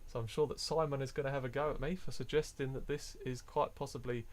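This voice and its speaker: A man's voice: mid-range voice, steady tone, fast. A man chatting casually on a live stream, reading out items and laughing often. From Europe. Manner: chatty, laughs often, reads out coin names. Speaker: coin hunting streamer.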